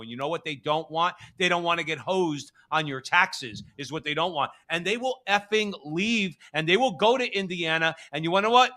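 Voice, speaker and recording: A man's voice: fairly high pitch, expressive, a little fast, hardly any pauses, sharp tone. A man co-hosting a political commentary show, talking in a heated, belligerent rant. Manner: belligerent, ranting. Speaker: co-host.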